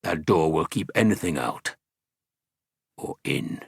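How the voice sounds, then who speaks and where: A hulking, cunning trapper in an audiobook, all grunts and snarls, as a male narrator puts him on. The voice sits very low and husky, thick with menace. It is recorded dry and close. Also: lively intonation, slow pace, no room sound, full character voice. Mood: gruff menace. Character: big gruff cunning male mountain trapper.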